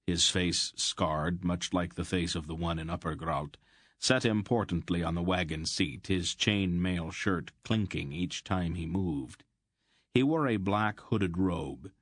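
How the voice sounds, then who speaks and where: Male audiobook narrator: low, husky, dry close recording. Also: dry recording. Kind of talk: scripted fantasy narration.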